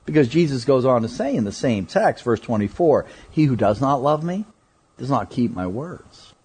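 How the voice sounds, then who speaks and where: A man preaching a sermon, emphatic and deliberate, often asking rhetorical questions. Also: mid-range voice, very animated, a little mellow, husky.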